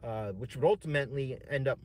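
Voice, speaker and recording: A man rambles through a personal story on a stream, swearing freely and tossing in "man" and "dude". His voice sits at an ordinary middle pitch. A faint hum of room ambience runs underneath. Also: fast talker, a little mellow.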